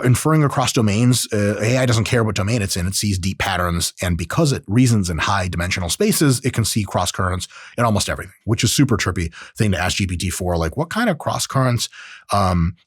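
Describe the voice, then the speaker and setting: Brief: male podcast host in his thirties, lively swooping delivery, close dry mic. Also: lowish voice, no room sound. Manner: animated, acts out quoted voices, profane asides. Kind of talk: casual monologue on technology.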